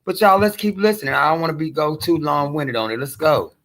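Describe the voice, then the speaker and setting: A man's voice: on the high side, brisk, a bit bright. A man hosting a show, giving casual and rambling commentary on a clip he is playing. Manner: conversational, rambling, full of fillers. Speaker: show host reacting to a clip.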